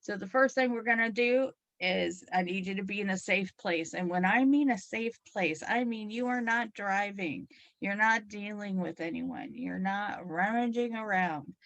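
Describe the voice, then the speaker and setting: A middle-aged woman hosts a hypnotherapy radio show in a chatty, playful way. Her voice is a bit froggy and hoarse today. The sound is close and dry, with no room around it. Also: mid-range voice, moderate pace, a bit bright, dry recording, lo-fi sound. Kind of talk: talk radio show with guided relaxation.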